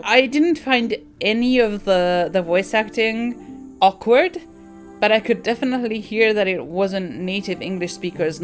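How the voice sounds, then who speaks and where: A woman game streamer casually reviewing a game she just finished, thinking aloud with many fillers and restarts. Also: mid-range voice.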